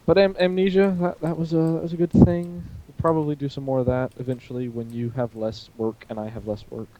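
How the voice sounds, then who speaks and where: Hoarse man joking around with a friend. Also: medium pitch, level tone, fairly quick, warm tone, low-quality recording. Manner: joking, teasing, rambling. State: hoarse throat. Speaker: podcast co-host. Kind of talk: casual chat between friends.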